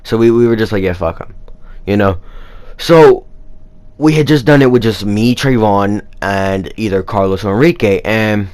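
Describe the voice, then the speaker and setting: A man's voice: on the low side, moderate pace. Young man rambling through a story. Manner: rambling, animated retelling with many fillers. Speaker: vlogger. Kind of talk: casual storytelling.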